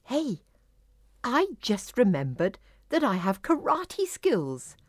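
A woman voicing Lily, a brave and bossy young female fairy in a children's story, with a lively, take-charge manner. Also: a little high, takes it slowly, dry recording, clean studio sound, pitched above the performer's own voice, full character voice. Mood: bright.

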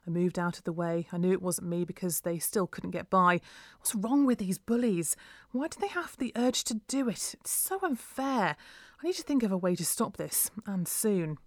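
A woman's voice: fairly low pitch, lively intonation, normal speed, no echo, studio quality. A woman reading a first-person story aloud in an earnest, emotional way.

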